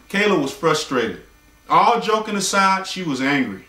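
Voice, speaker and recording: Jokey male storyteller, high and bright, slangy asides, echoey room, mic set back. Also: big pitch swings, normal speed, far from the mic. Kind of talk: casual bedtime storytelling with joking asides.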